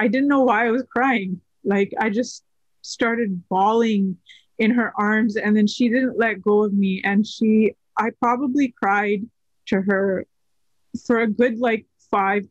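A woman in her thirties, a podcast guest, telling a personal story in casual conversation, soft-spoken and hesitant with many fillers. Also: medium pitch, dry recording, dull audio.

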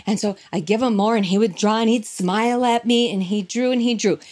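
A woman preaching a sermon through a personal story, told in an animated way with frequent laughs. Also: fairly high pitch, brisk.

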